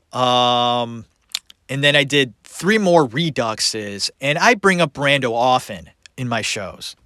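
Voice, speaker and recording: A man hosting a solo podcast, talking about actors in an animated, sarcastic way with frequent laughter. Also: medium pitch, dry recording, studio quality. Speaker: podcast host.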